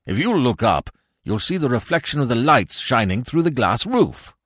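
A man voices a bulky male police inspector who speaks plainly and helpfully, pitching his mid-range voice above his own natural one. The delivery is very animated, at normal speed and a bit bright, recorded clean in a studio with no room sound.

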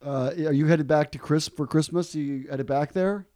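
A man hosting a casual podcast, upbeat, with quick asides and reminders to listeners. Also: fairly high pitch, mellow, no echo, clean studio sound. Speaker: podcast host.

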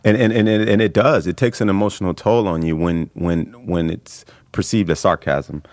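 A middle-aged man, a comedian, chatting casually and telling stories in an animated way, often restarting his sentences and swearing freely. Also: sits low, moderate pace, no room sound, studio quality. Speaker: comedian guest. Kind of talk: casual podcast chat.

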